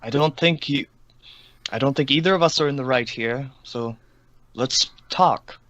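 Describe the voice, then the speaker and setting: A man playing a smooth-talking stone adventurer. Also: mid-range voice, unhurried, fairly bright tone, muffled recording, close to an everyday voice. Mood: diplomatic.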